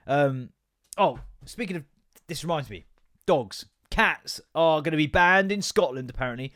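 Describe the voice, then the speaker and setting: A man's voice: on the high side, animated, moderate pace, fairly bright tone, no echo, clean studio sound. A young man hosting a podcast, ranting casually and swearing a lot as he rambles between asides. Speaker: podcast host. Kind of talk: casual comedic rant.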